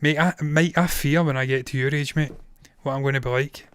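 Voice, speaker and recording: A man's voice: fairly high pitch, steady tone, fairly quick, a bit bright, clean tone, no room sound. Blunt, tired-voiced man in his thirties. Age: 30s. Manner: blunt, swears freely, opinionated. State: tired, strained voice. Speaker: film reviewer and live-streamer. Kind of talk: casual live-stream chat.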